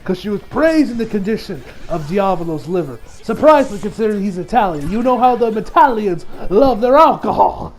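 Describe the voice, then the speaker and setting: A man's voice: sits high, sing-song, brisk. A man giving a casual, rambling episode recap as an anime reviewer, full of fillers and laughs.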